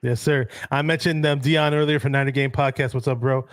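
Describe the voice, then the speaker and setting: A man hosting a sports talk show, chatting in a relaxed way and reading out viewer comments. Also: mid-range voice, a little fast, no room sound, clean studio sound. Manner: relaxed, many ums and restarts. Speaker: podcast host.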